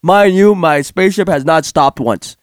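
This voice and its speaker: Male storyteller, high and lively, profane, laughing as he talks, dry close recording. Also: normal speed, no echo. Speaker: storyteller recounting a game session. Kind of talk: casual chat.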